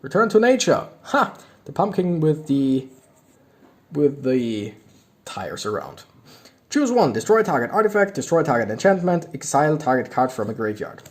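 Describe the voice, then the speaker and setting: Animated man reading card text. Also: fairly high pitch, normal speed. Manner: reads card text aloud, excitable reactions. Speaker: YouTuber opening card packs. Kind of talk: casual card-opening commentary.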